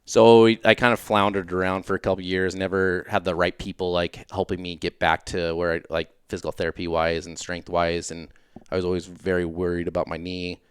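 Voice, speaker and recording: Guest spot: a man in his late thirties with a low, smooth, resonant voice, recorded dry and close. He tells his stories in a relaxed, rambling manner full of fillers. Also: brisk, no echo. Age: late 30s. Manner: laid-back, rambling, filler-heavy. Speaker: podcast guest, former racer. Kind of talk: casual interview storytelling.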